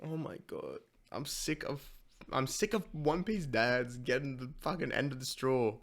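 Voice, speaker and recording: Male reaction host, reads manga lines, excitable, sweary, casual. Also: medium pitch, a little slow. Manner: swears and gasps while reacting; reads character lines in his plain voice.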